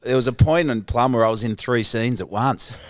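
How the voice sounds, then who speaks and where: A man's voice: mid-range voice, fairly quick, dry recording, clean studio sound. A man in his forties with an Australian accent, a guest on a casual podcast, telling rambling, laugh-filled stories and swearing freely. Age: 40s. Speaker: actor guest.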